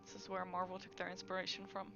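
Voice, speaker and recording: A woman's voice: lowish voice, monotone, quick pace, lo-fi sound. A woman streaming a game, chatting playfully and reading the characters' lines aloud. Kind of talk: gameplay commentary reading dialogue aloud. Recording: streamer mic with loud game music.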